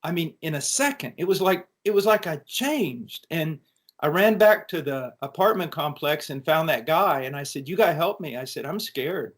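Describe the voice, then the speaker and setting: A middle-aged American man giving an earnest, animated personal testimony in conversation, with frequent restarts. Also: on the high side, moderate pace. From United States. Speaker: interview guest.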